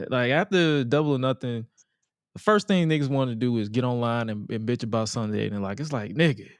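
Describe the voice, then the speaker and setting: A man's voice: medium pitch, dry recording, clean studio sound. A man co-hosting a podcast, ranting bluntly and profanely in casual chat. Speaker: podcast co-host.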